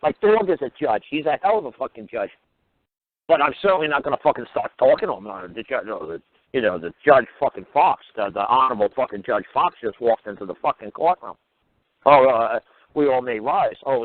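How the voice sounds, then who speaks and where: A man's voice: medium pitch, expressive, a little fast, dry recording. A man hosting a radio talk show, ranting with crude, mocking, swear-filled talk. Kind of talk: profane ranting monologue. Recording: tinny phone-line radio audio.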